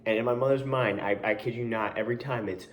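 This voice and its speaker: A young man tells a rambling camp story in a casual vlog. He keeps restarting and adding asides in an exasperated way, at a middle pitch. His voice carries a roomy echo. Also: fairly even intonation, fast, a little hiss or hum. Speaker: camp coach and counselor.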